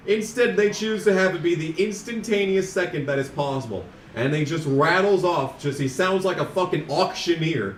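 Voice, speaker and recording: A man streams himself racing, talking casually in a slightly high voice with sarcastic rants. The sound is roomy and set back from the microphone, with faint background noise. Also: expressive, normal speed, few pauses, recorded from a distance. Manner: sarcastic, ranting, mock auctioneer bits. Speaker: game streamer. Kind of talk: casual live-stream commentary.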